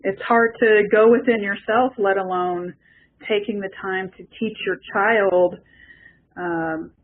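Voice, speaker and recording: A woman's voice: medium pitch, steady tone, slow pace, a little hiss or hum. A woman host with a mid-range voice talks in a casual, thoughtful way and often starts her sentences over. Her voice sounds narrow and tinny, as if it comes over a phone. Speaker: show host. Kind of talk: casual chat. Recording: phone-line audio.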